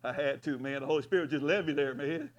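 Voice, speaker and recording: A man preaching a folksy sermon as pastor, rising at times to loud hollers. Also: fairly high pitch, fairly even intonation, fast.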